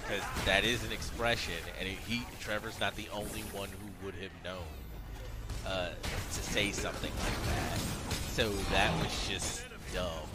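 A man casually reviewing a cartoon episode, opinionated and animated as he makes his points. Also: low-pitched, unhurried, loud music behind the voice. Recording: noisy background.

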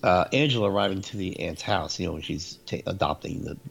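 A man with a low, fast, gravelly voice tells stories animatedly in casual chat, acting out what people said. The lo-fi recording sounds dull.

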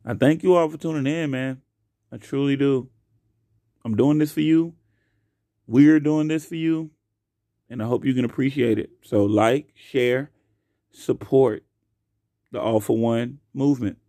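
A young man hosts his own podcast alone and talks casually into a close mic. He is profane and animated, swinging from loud bursts to low mutters. His mid-pitched voice has a gravelly fry, and the sound is dry with no room echo. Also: unhurried, pauses often. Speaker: podcast host. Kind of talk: casual solo podcast rant.

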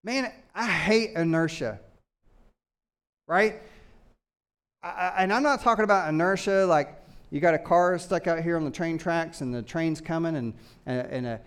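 A pastor giving a conversational sermon, full of rhetorical questions and calls for agreement. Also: male voice, on the high side, clear, resonant tone. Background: live congregation.

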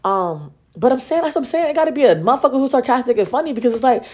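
Her voice sits high with lively intonation, rapid-fire yet a little mellow. She's a young adult woman hosting a podcast, delivering a casual storytelling monologue with sarcasm, profanity and acted-out dialogue.

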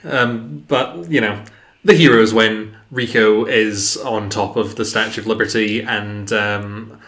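A man's voice: fairly low pitch, steady tone, measured pace, a bit bright. A man co-hosting a podcast, chatting casually about a film in a hesitant way, with lots of fillers and restarts. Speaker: podcast co-host.

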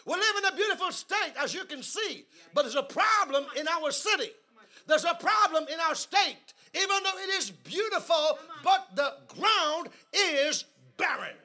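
A man preaching a sermon in a church service, telling humorous stories and leading the congregation in call-and-response that builds to shouting. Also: extremely high pitch, expressive, moderate pace. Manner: humorous storytelling asides. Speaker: guest preacher.

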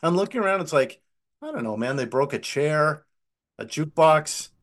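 Animated, profane male podcast co-host. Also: a little high, moderate pace. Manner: profane, animated, laughing at the film. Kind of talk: casual movie review chat.

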